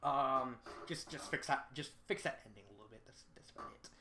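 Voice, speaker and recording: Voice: mid-range voice, brisk, bright, forceful tone. A fan fiction reviewer talking through a casual spoken review, rambling and correcting themself, hammering points home by repeating them. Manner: rambling, frequent self-corrections.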